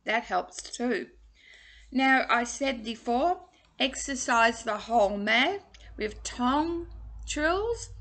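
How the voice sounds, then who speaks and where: A woman's voice: fairly high pitch, lively intonation, takes it slowly, a bit bright. A woman, giving a casual singing lesson in a chatty, playful way. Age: 60s. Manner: chatty and playful, drawing out drills. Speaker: singing teacher.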